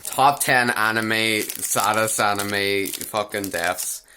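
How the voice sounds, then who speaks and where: A young man recaps an anime episode in a crude, mocking, rambling way, echoing his own phrases as he rants casually as a reviewer. His voice is on the low side, slow-paced, pushed and bright, with a little hiss or hum.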